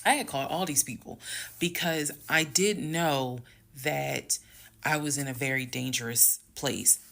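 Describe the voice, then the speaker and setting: Woman with a gravelly, creaky voice for a storytime vlog; casual, speaks straight to viewers, heated and emphatic. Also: very deep voice. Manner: emphatic, swings loud and fast when heated; addresses viewers as "y'all". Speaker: storyteller recounting her marriage.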